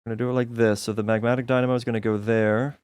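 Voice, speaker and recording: A man talks rapid-fire while streaming a modded building game, casually thinking aloud and often laughing at himself over his mistakes. His mid-range voice has little pitch movement and a darkish yet clean tone. There's no room sound.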